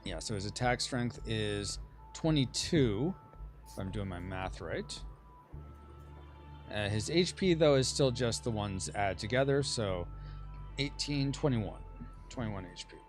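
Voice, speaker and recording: A man's voice: lowish voice, expressive, a little slow, long pauses, soft background music. A man hosting a casual board game playtest, chatting and checking the rules aloud. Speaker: game host.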